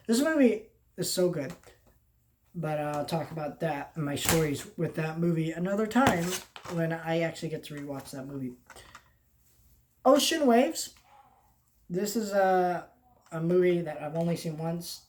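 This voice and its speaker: A young adult film vlogger in casual talk to camera, rambling and halting, often trailing off and restarting, and earnest and heartfelt. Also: mid-range voice, animated, darkish tone. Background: faint background noise.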